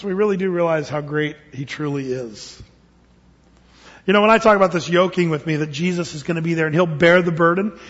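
High-voiced man preaching in an echoey hall. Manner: animated storytelling, acts out voices, stammers and repeats words. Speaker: pastor. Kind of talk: sermon. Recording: dull sound with long hall reverb.

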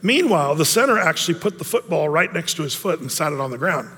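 A middle-aged man leads a men's Bible study in a loose, joking, rambling way, full of ums and restarts. His voice sits a little high for a man, and a long reverb trails behind it in the hall. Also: animated, fast talker, pushed and bright, husky. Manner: folksy and rambling, many fillers and restarts, humorous asides. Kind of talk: conversational Bible teaching with personal stories.

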